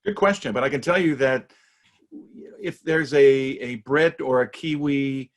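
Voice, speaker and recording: Relaxed American man in his fifties. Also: mid-range voice, measured pace. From United States. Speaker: guest, company founder. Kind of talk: casual interview answers.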